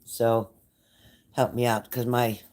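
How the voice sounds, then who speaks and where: A woman's voice: rumbling low, little pitch movement, takes it slowly, a little mellow. An older woman talks straight to her live-stream viewers in a loose, chatty way. She is emotional and scattered, jumping from one thought to the next as she gets ready to give a reading. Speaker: psychic reader hosting a live stream. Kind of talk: casual live-stream chat.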